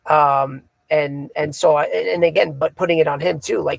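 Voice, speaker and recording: A man's voice: on the high side, steady tone, moderate pace, vocal fry, hardly any pauses, no room sound. A man who coaches hockey, co-hosting a podcast and telling a story in a casual, rambling way full of fillers. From Canada. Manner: casual, filler-heavy, retelling conversations.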